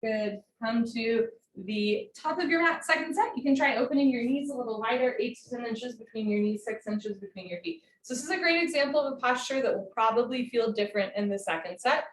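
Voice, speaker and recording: A woman instructing a live yoga class from home, giving calm posture cues with chatty, encouraging asides. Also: fairly high pitch, brisk, hardly any pauses, a little hiss or hum. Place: home room. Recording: roomy home recording.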